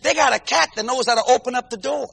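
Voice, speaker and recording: A male preacher with a high, bright, gravelly voice tells comic stories from the pulpit. He is animated and keeps breaking into shouted exclamations and bursts of praise. His tone has a sharp, lively edge. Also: quick pace. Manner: peppers talk with praise interjections. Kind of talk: comic storytelling sermon.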